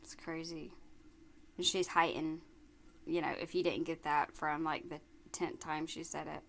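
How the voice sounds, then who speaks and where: A woman hosts a reaction video, speaking slowly in a somewhat low voice. Her commentary is casual and steadily sarcastic. She mocks what she is watching. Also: flat delivery, gravelly, a little hiss or hum. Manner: sarcastic and mocking.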